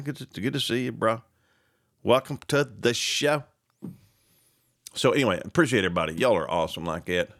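A man hosting a casual morning radio show, greeting texters, pitching a sponsor and reacting to the news in a rambling, animated way. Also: moderate pace, dry recording, clean studio sound. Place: radio studio. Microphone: studio microphone.

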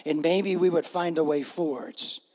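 High-voiced pastor preaching in a reverberant hall. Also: male voice, steady tone, moderate pace, mellow. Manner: earnest, repeats key phrases, talks straight to the congregation. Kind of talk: sermon retelling a gospel story.

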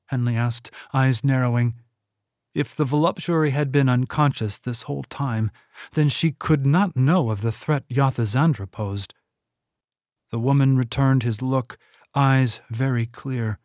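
Slow deliberate male audiobook narrator. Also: mid-range voice, no room sound, clean studio sound. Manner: steady, deliberate reading. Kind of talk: scripted narration.

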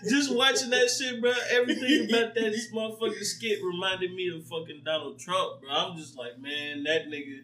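A man's voice: high voice, steady tone, fairly quick, hardly any pauses, pushed and bright. A man in casual chat who tells a story with energy, acts out quotes and laughs often. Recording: echoey room, mic at a distance.

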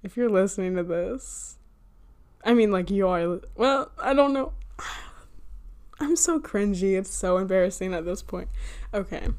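A young woman talks alone into her microphone in a loose, rambling podcast monologue. She fills her sentences with "like," laughs at herself often and drifts between advice and self-teasing. Her pitch sits in an ordinary middle range. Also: expressive, measured pace, a little mellow, smooth. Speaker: podcast host. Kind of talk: casual solo podcast monologue. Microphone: handheld or desk microphone she bumps.

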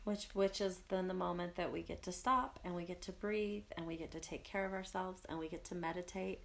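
A woman's voice: lowish voice, fairly quick, creaky. A young woman co-hosting a podcast, talking earnestly and reflectively about personal fears in a casual chat. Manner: earnest, reflective, speaks of spirit and purpose. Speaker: podcast co-host.

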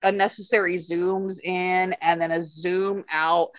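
Speaking slowly in a steady, lowish voice, a female podcast host reviews a film she found bad. She rants in profane, rambling chat, sounding exasperated as she tells the story.

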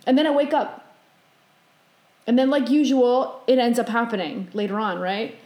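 A woman co-hosting a podcast, telling a dream story in casual chat and acting out her own panicked lines. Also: echoey room. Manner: animated retelling, voices her own panicked quotes high and fast. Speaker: podcast co-host.

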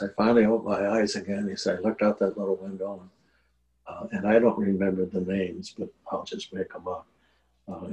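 A man's voice: low-pitched, darkish tone, rough recording. An older man telling an emotional story in a casual interview, earnest and full of fillers. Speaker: guest telling a war veteran story.

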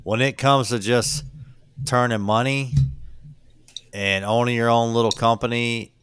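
A man's voice: medium pitch, steady tone, a little slow, a bit bright, a little hiss or hum. A man hosting a podcast, chatting casually and easily, often tagging his lines with "man.". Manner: easygoing, asks questions, says "man" often. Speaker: podcast host.

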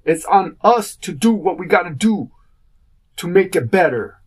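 A man's voice: sits high, animated, a little slow, breathy edge. A man hosting his own podcast, talking in a casual rambling monologue and acting out what people said to him. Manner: rambling storytelling, acts out quotes. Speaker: podcast host.

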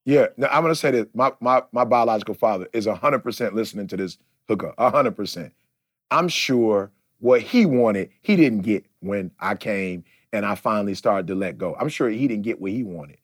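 A man's voice: on the low side, animated, moderate pace. A man in his forties hosting a podcast, talking in an emphatic, preachy way and often asking "see?". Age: 40s. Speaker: podcast host. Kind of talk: casual podcast talk.

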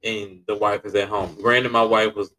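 Animated man telling a story. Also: normal speed, rough recording. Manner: animated, laughing, swings between low and loud; casual profanity and slang. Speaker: podcast guest. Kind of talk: casual conversational storytelling.

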